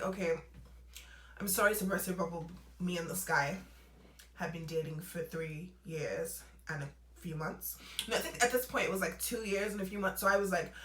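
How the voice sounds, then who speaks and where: A young woman telling a storytime vlog, animated and acting out both sides of phone calls in a casual way. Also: on the low side, echoey room, slight background noise, poor audio.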